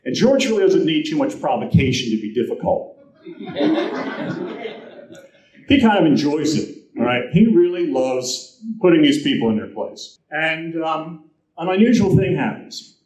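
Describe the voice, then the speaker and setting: A male guest speaker giving a storytelling presentation at a convention, lively and anecdotal, acting out the quotes he tells. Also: on the high side, unhurried. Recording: roomy echo, captured from the audience.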